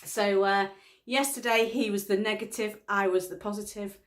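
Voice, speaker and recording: A woman's voice: mid-range voice, steady tone, moderate pace. A middle-aged woman, telling a story in a casual vlog, laughing often and acting out the lines of a conversation. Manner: chatty storytelling, laughs often, acts out dialogue. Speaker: vlogger. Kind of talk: casual chat.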